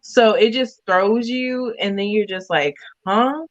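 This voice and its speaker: Woman panelist, mid pitch, slow relaxed delivery, dry muffled recording. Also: no echo. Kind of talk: casual chat. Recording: dry, dull lo-fi audio.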